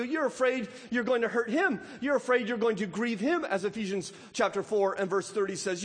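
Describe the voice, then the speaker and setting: A man preaching a sermon, animated, asking his listeners many questions along the way. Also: high voice, big-room sound. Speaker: pastor.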